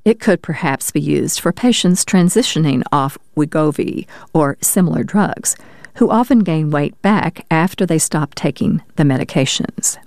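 Woman reading science news, low voice, steady and even, dry close sound. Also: normal speed, no echo. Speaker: news reader. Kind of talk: scripted news narration.

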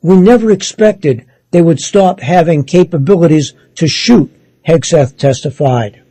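Brief: man reading a news article aloud, mellow and husky tone, dry close sound. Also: fairly high pitch, no echo, rough recording. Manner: measured, steady read with occasional self-corrections.

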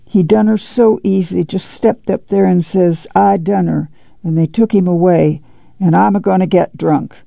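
Sorrowful guilt-ridden uncle, halting rural dialect, read by a man, gravelly and dark, dull dry sound. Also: high-pitched, fairly even intonation, no echo, exaggerated voice.

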